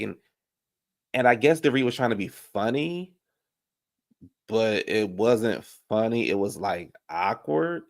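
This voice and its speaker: Sassy male recap commentator, mid-pitched, animated, laughs a lot. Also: takes it slowly, long pauses. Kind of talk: casual reaction commentary.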